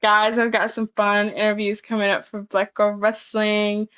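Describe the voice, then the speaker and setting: A woman co-hosting a casual chat, speaking earnestly with halting pauses. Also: mid-range voice, completely flat delivery, fairly bright tone, dry recording, lo-fi sound. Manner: earnest, halting, with many ums and restarts. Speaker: podcast co-host.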